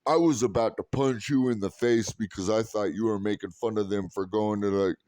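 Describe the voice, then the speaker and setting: A man's voice: fairly low pitch, steady tone, moderate pace, a little mellow, no room sound, studio quality, close to an everyday voice. A man mimicking a rude, touchy male train snack bar worker who talks indignantly and defensively.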